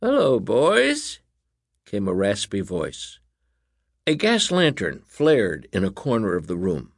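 Lively male storybook narrator. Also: low voice, measured pace, dry recording, studio quality. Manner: animated, expressive reading.

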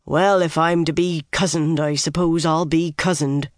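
A reader voicing a gruff, grim one-eyed male soldier who growls, talks bluntly and keeps biting back his curses. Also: mid-range voice, steady tone, moderate pace, no room sound, studio quality, natural voice. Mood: grudging.

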